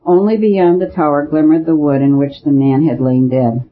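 Male storyteller reading prose in a measured way; slightly high voice, muffled lo-fi sound. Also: fairly even intonation. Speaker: audiobook narrator. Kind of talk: scripted story narration. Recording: dull lo-fi recording with faint hiss.

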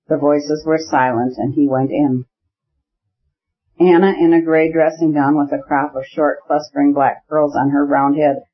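A man narrating a classic novel in an audiobook, with a measured, even reading. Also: a little high. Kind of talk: scripted narration. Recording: dull lo-fi audiobook recording.

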